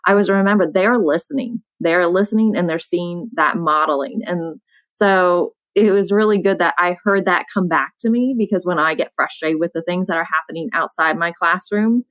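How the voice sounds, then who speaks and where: Calm female elementary teacher, lower voice, dry close sound, soft-spoken and unhurried. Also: no room sound, rough recording. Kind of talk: panel discussion.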